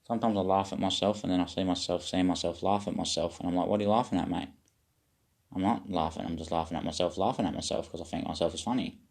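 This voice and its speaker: Casting: man, very low voice, meandering vlog monologue, muses aloud. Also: steady tone, fast, creaky, hardly any pauses, a little mellow. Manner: meandering, self-questioning, occasional swearing. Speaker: vlogger. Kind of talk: rambling spiritual monologue.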